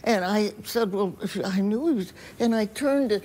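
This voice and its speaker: A woman's voice: medium pitch, normal speed, a little mellow. An older woman, an actress, telling anecdotes as a talk show guest with frequent chuckles. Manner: chuckling storyteller, self-deprecating. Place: TV studio.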